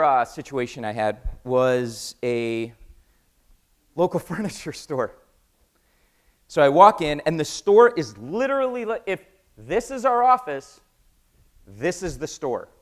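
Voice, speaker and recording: An American man giving an energetic conference talk, quizzing the audience and acting out conversations. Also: on the high side. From United States. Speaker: conference speaker. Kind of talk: keynote talk with acted-out dialogue.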